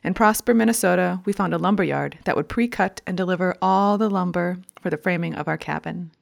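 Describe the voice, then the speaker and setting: A woman with a gravelly, low voice reads a memoir essay aloud. She delivers it in a measured, deliberate way, slowing down over each list. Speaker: reader.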